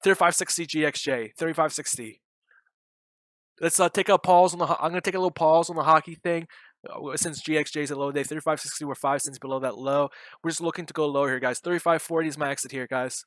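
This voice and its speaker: A young man giving loud, joking live commentary on his day trades, bantering and swearing with his chat. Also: fairly high pitch, fairly even intonation, fast talker, no echo. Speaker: day trading streamer.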